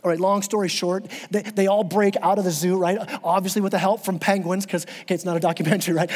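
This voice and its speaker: Male pastor, high voice, fervent sermon delivery with frequent restarts. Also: long reverb tail. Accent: Southern American. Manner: impassioned, repeats words in restarts.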